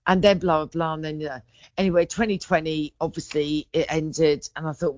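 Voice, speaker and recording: A woman's voice: deep voice, steady tone, a little fast, a little mellow, no echo. A woman in her forties, a podcast guest in casual chat, telling stories in a rambling way, breaking off and restarting her sentences. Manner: rambling, self-interrupting storyteller.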